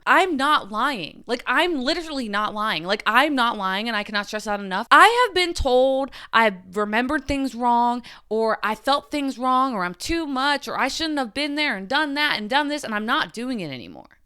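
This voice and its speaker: A woman's voice: on the high side, lively intonation, normal speed, pushed and bright, clear, resonant tone, dry recording, studio quality. A young woman hosting a podcast, talking through something that upset her, repeating herself, her voice rising and falling sharply. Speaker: podcast host. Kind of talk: emotional personal monologue.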